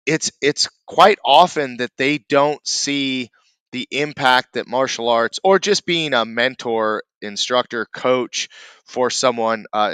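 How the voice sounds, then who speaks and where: A man's voice: mid-range voice, a bit bright, smooth, no echo. A man hosting a podcast who also runs a martial arts school, sharing reflective thoughts in conversation. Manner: reflective, agreeable, builds on the guest's points. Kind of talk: conversational interview.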